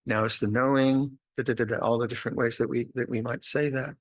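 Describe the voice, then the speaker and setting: An older man, a monastic teacher, giving an unhurried, reflective dharma talk with meditation instructions, often restarting phrases and adding gentle humor. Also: mid-range voice, fairly even intonation. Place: retreat meditation hall.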